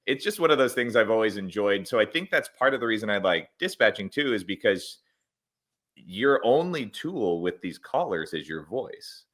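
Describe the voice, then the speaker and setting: A man's voice: fairly low pitch, big pitch swings, moderate pace, fairly bright tone. A man, a fire dispatch supervisor, chatting as a podcast guest and telling friendly stories. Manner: friendly storyteller, acts out calls. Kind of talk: casual interview chat.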